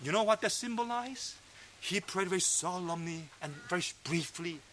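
A man preaching a sermon, fervent and emphatic, sometimes dropping to a low hush. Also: moderate pace, a little hiss or hum. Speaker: pastor. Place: fellowship meeting hall.

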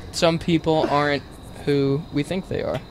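A man's voice: fairly high pitch, steady tone, takes it slowly, background noise. A man co-hosting a casual podcast chat among friends, joking and sarcastic, sometimes explaining things to listeners. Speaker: podcast co-host.

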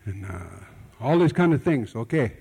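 A man preaches in a folksy, storytelling way, often repeating his words and using plain, loose grammar. His voice sits at an everyday mid pitch. It rings with the long reverb of a church hall. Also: very animated, normal speed, creaky, darkish tone, slightly rough. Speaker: pastor. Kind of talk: sermon storytelling.

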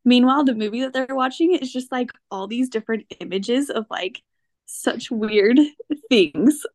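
A woman's voice: a little high, normal speed. A woman hosting a casual podcast chat, giggling often as she retells favorite cartoon scenes and mimics the characters. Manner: giggly, quotes characters in playful voices. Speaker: podcast host.

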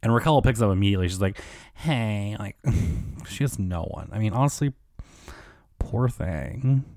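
Male podcast host, chatty and gossipy with a profane, filler-heavy flow. Fairly low voice, dead-dry studio sound. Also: expressive, moderate pace, darkish tone, no echo. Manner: chatty, gossipy, profane, lots of "like", mimics people in quotes. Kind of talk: casual solo podcast recap.

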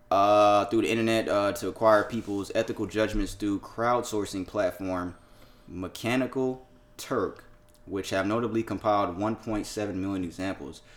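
A young man co-hosting a podcast, chatting casually and loosely, swearing, laughing and reading headlines aloud. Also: fairly low pitch. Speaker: podcast co-host. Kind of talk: casual chat.

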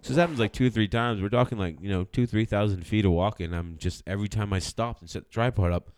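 A man's voice: lowish voice, fast talker, hardly any pauses, darkish tone, no echo, clean studio sound. A man co-hosting a podcast, telling a rambling, profane story in casual chat and laughing along the way. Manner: profane, rambling, laughs through his stories. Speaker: podcast co-host.

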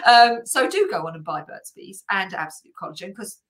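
A woman's voice: medium pitch, expressive, a little fast, fairly bright tone. A middle-aged woman hosting a casual live chat, talking in a rambling way with many fillers and self-corrections. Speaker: host.

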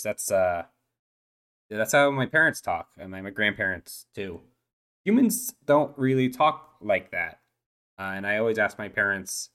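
A man plays a shy eight-year-old dolphin schoolboy who rambles nervously, stammering and restarting his sentences. The voice stays fairly low. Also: a bit bright. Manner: hesitant, stammering, full of ums and restarts. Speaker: player. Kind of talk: tabletop role-play, in character.

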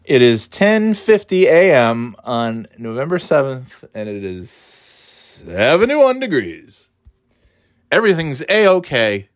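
A man's voice: medium pitch, sing-song, slow pace, no echo, clean studio sound. A tired, yawning man rambling sarcastically in a casual monologue, swearing freely and mocking himself. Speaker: vlogger.

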